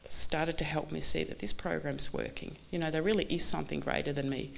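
A woman candidly telling her recovery story in a halting, earnest way, full of restarts. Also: deep voice, steady tone, gravelly, a little hiss or hum. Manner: candid, halting, many restarts and you-knows. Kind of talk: personal testimony talk.

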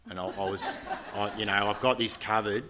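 A man giving a candid, halting personal testimony to a group at a recovery meeting, often restarting his sentences. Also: fairly low pitch, fairly even intonation, a crowd in the background. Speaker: speaker sharing at a recovery meeting.

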